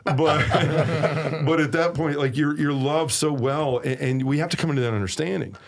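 A man's voice: on the high side, a little fast, gravelly. A man with a Southern accent, a podcast guest telling his faith story earnestly, stressing and repeating key phrases. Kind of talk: personal faith testimony in conversation.

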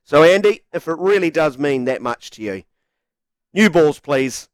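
A man's voice: on the high side, lively intonation, a little slow, no room sound. A man delivering a sarcastic, scripted sports opinion piece full of mocking rhetorical questions. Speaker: sports commentator.

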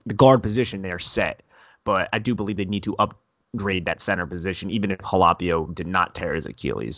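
A man co-hosting a sports podcast, talking in a measured, conciliatory way in casual chat. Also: low-pitched, a bit bright, no room sound. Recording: dry dull lo-fi audio.

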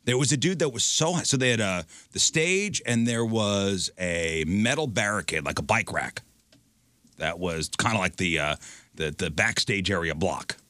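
Male host, casual storyteller, bright and animated, dry close mic. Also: on the low side, moderate pace, dry recording. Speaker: radio show host. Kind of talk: casual chat.

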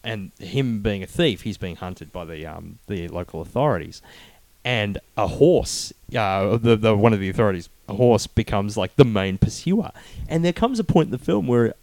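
A man co-hosting a casual film review chat, animated and halting, with many fillers and restarts. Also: on the low side, no room sound.

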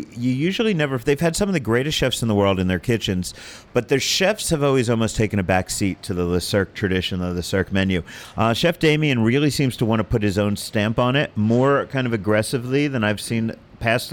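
Wry, low-voiced man hosting a food chat. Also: animated, brisk. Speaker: food podcast host. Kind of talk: casual chat.

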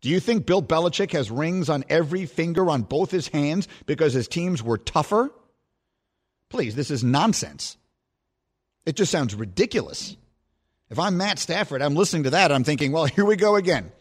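A man's voice: fairly high pitch, expressive, moderate pace. A male sports radio host delivering emphatic, scornful commentary.

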